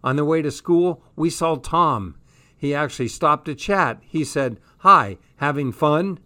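A man's voice: on the high side, unhurried, bright, forceful tone. A man reading a comic first-person diary aloud with dry, sardonic delivery. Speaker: audiobook reader.

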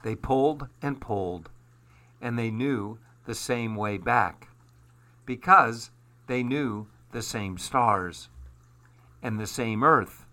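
A man reading a children's storybook aloud with gentle, unhurried storytelling. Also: mid-range voice.

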